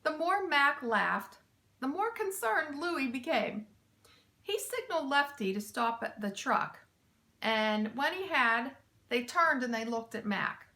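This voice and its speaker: A teacher reading a children's chapter book aloud, with slow, expressive storytelling. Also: female voice, a little high.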